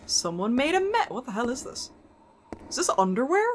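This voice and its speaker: Lively, joking woman streamer. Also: high voice, brisk, slight background noise. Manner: chatty, joking, swears casually; talks to the game's characters. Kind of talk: live gameplay commentary.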